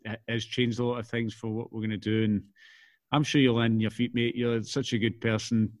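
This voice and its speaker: A male podcast host in an easygoing chat with an old friend. His voice is mid-pitched, and he laughs often. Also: level tone, a little fast.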